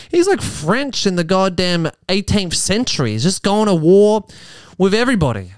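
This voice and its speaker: A man's voice: sits high, very animated, normal speed, clean tone, dry recording, studio quality. A man hosting a comedy podcast, sarcastically riffing on a news article and slipping into mock voices.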